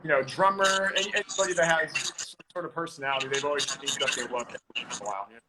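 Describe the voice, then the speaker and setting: A man guesting on a casual live-stream chat, talking easygoingly with halting restarts. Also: a little high, heavy background noise. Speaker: guest, drummer. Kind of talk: casual video-call chat.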